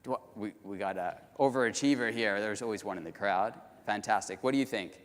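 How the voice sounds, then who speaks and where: A man giving a storytelling keynote talk at a conference, speaking to the audience directly and in an animated way. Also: lowish voice, a little fast. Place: large conference hall. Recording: long hall reverb.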